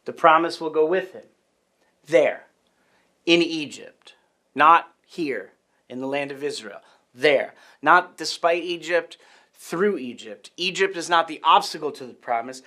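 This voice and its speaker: A man's voice: a little high, a little slow, sharp tone. A man preaching a sermon, teaching earnestly and restarting his phrases. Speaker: pastor.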